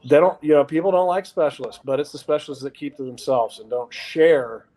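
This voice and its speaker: A man, a former punter, telling stories as a podcast guest, lively and acting out what others said. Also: fairly high pitch, fairly quick. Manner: lively storyteller, acts out quotes. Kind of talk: casual podcast chat, storytelling.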